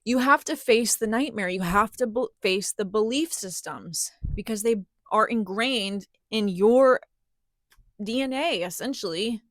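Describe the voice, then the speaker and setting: A woman's voice: mid-range voice, a little slow, no room sound. Spiritual vlogger, woman, emphatic and earnest, dead-dry close recording. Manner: earnest, emphatic, acts out inner voices. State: out of breath. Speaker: spiritual teacher. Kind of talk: impassioned spiritual monologue to camera.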